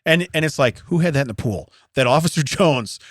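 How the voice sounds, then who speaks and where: A man with a slightly high voice that swings widely in pitch, laughing as he riffs on news stories. He co-hosts a casual comedy podcast, recorded dry and close on a studio mic. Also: animated, brisk, fairly bright tone, no room sound. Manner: laughs often, reads news items aloud with jokey asides. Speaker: podcast co-host.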